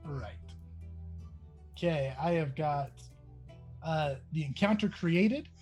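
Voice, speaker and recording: Game master with a higher voice. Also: male voice, takes it slowly, soft background music. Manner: relaxed, chuckling, explains rules step by step. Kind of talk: narrating a tabletop game.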